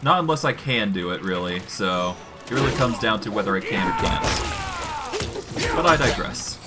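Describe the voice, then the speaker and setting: A man's voice: fairly low pitch, lively intonation, normal speed, over loud music. A man streaming a narrative game, chatting casually and laughing often as he reads and comments.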